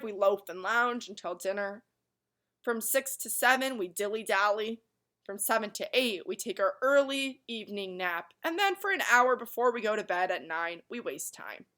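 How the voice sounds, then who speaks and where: Woman voicing a lazy drawling creature from a storybook, lively ups and downs, bright tone. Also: medium pitch, lightly acted. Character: lazy, slow-talking male Lethargarian who loves doing nothing.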